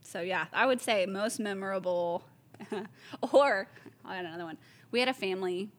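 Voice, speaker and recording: A woman, a store owner casually telling lively stories, acting out the voices of the people she quotes. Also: mid-range voice, normal speed. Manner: animated storyteller, acts out quoted voices, laughs often. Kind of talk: casual chat.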